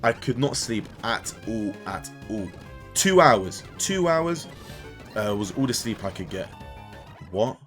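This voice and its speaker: A man's voice: on the low side, slow, soft background music. Man venting an annoying story. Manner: animated venting storyteller, swears, many "right?" tags. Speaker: gaming YouTuber and kids' sports coach. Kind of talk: casual ranting commentary over gameplay.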